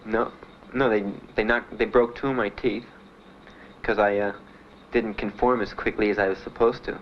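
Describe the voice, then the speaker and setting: A young veteran gives testimony in a slightly low voice, plain and halting, full of pauses and fillers. The recording is muffled and dull, like an old 1970s archive tape. A faint hiss sits under his voice. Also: fairly even intonation. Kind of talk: spoken testimony.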